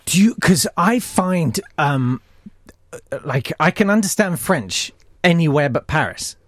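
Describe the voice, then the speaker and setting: A man's voice: a little high, big pitch swings, slow, a bit bright, no room sound, clean studio sound. A man hosting a radio talk show with a South London accent, chatting casually and rambling with lots of fillers. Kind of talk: casual studio chat.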